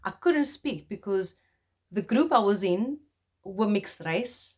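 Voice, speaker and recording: Slow-talking South African woman vlogger. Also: medium pitch, expressive, a little mellow, husky. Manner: earnest, heartfelt, rambling with restarts. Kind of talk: personal talk to camera.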